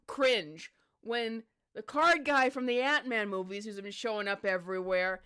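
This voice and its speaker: Woman ranting sarcastically about a show, bright clear voice, a bit high. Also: measured pace. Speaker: commentator. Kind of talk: casual opinion commentary.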